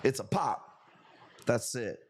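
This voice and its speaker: A man's voice: mid-range voice, expressive, slow, slight background noise. A man hosting a live coral auction stream, bantering loosely and profanely with viewers and calling out bids.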